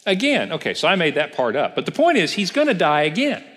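A man's voice: on the high side, fast talker. Pastor guy teaching a bible class, voice jumps all over, big echoey hall. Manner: animated storyteller, asks the class questions. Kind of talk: casual Bible lesson. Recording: reverberant church hall.

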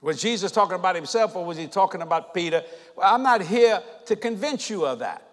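High-voiced preacher in a reverberant hall. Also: male voice, expressive, a little fast. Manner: swings from low murmurs to shouted exhortations. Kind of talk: sermon.

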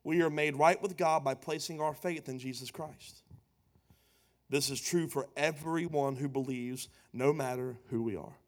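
A man preaching a sermon, emphatic and playful, swelling to loud lines. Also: a little high, moderate pace. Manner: emphatic, building to loud punchlines, playful asides.

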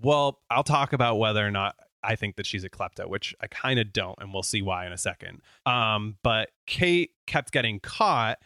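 A man's voice: lowish voice, lively intonation, normal speed, hardly any pauses, bright, forceful tone, no echo, clean studio sound. A man co-hosting a podcast, telling a story in a casual, joking chat. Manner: chatty, joking, uses fillers.

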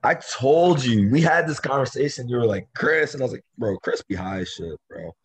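A man co-hosting a casual basketball podcast, retelling plays in an animated, slangy way. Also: medium pitch, a little fast, slightly rough. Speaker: podcast co-host.

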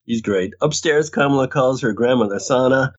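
Man recapping a show, husky, lo-fi audio. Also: medium pitch, normal speed. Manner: reads recap, laughs often, mimics characters. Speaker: podcast co-host recapping episodes. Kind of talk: casual recap chat. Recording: dull lo-fi audio.

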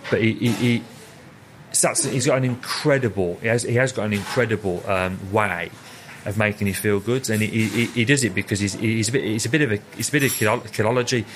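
Male chef guest, young adult, fast rambling interview talk, slightly low voice. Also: slight background noise. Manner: rambling, repeats words while telling stories. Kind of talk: casual interview chat.

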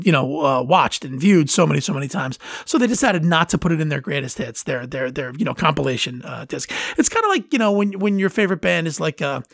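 A man's voice: fairly high pitch, creaky, dry recording, studio quality. A man hosting a podcast on his own, talking casually and rambling with fillers and restarts. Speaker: podcast host. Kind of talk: casual solo podcast talk.

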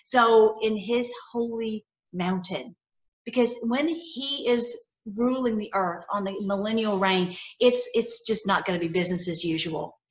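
A woman's voice: medium pitch, a little slow, reverberant. An older woman giving an informal Bible teaching and prayer, effusive and full of rhetorical questions.

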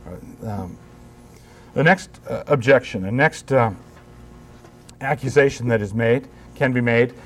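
At a conference, a man talks as a pastor in a mid-range, unhurried voice with long pauses. His delivery is conversational and emphatic, laced with wry humor, and he often restarts his sentences.

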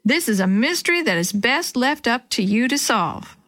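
Woman reading a kind old wrangler guy, calm and reassuring, dry sound. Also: fairly high pitch, normal speed, no echo. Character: kindly injured old male wrangler.

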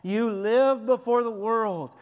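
High-voiced man preaching in an echoing hall. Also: takes it slowly. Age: adult with children. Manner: urgent, emphatic, repeats phrases. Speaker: pastor. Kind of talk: sermon.

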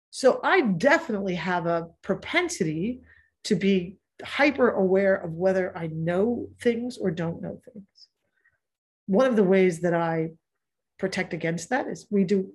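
Candid, husky-voiced woman coaching casually. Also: on the low side. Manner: candid, swears freely, laughs easily, quick asides. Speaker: productivity coach and podcast host. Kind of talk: casual live workshop talk.

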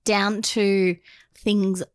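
A woman, co-hosting a podcast, speaking softly in casual review chat. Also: medium pitch, little pitch movement, extremely slow, no room sound, clean studio sound. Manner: soft-spoken, brief agreeing replies. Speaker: podcast co-host.

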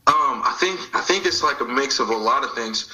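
A man's voice: mid-range voice, expressive, fairly quick, noisy background. A man sharing a personal spiritual story in an interview, reflective and acting out the voices of people he quotes. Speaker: guest.

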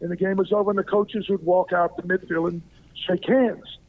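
An older man from Arkansas, a former pro football player, telling a lively story as an interview guest and acting out what people said. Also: high-pitched, a little fast. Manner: lively anecdotal storyteller who acts out quoted lines. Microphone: phone. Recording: tinny phone line.

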